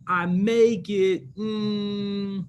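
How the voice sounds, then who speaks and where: A man's voice: high voice, fairly even intonation, drawn-out words, a little hiss or hum. A man in his fifties, an attorney on a panel, telling stories emphatically and repeating words to drive points home. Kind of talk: panel discussion.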